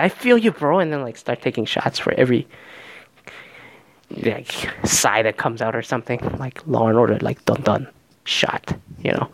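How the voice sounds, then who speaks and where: A man casually recapping a reality show in a profane, sarcastic, animated rant. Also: medium pitch, vocal fry, dry recording.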